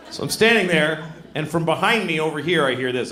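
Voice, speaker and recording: Middle-aged stand-up comic, lively voice. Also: male voice, fast talker, hardly any pauses. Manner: deadpan storytelling, sudden high-pitched voices. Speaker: stand-up comedian. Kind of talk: live stand-up comedy. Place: comedy club stage. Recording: echoey club with crowd noise.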